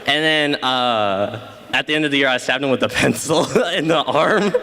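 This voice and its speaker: A man's voice: medium pitch, normal speed, pushed and bright. Teen boy telling a story in a hall. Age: teens. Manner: casual, laughing at his own story. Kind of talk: live story slam. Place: school event stage.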